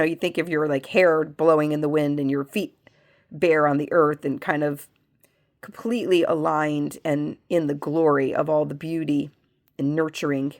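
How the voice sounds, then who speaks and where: A woman who has a cold, working as a medium, leads a spiritual pendulum reading and asks slow yes-no questions that she answers herself. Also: low voice. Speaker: medium and reiki practitioner.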